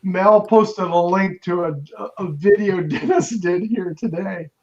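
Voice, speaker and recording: A man with a high voice hosts a relaxed livestream chat, talking slowly and laughing along easily with his guest. The audio is dull and lo-fi, with a muffled top end. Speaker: livestream host.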